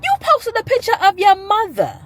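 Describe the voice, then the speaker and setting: A woman imitating her pushy, sweet-talking middle-aged aunt in a high, sing-song, insistent voice. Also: wildly swooping pitch, moderate pace, a bit bright, full character voice.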